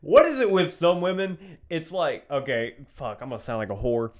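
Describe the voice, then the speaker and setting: A man's voice: fairly high pitch, sing-song, normal speed. A young man co-hosting a podcast, chatting loosely and crudely and laughing often. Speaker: podcast co-host. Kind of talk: casual crude chat.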